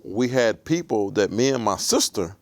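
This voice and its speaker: A man in his forties, a guest in an interview, telling his life story in a measured, reflective way. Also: on the low side, expressive, dry recording.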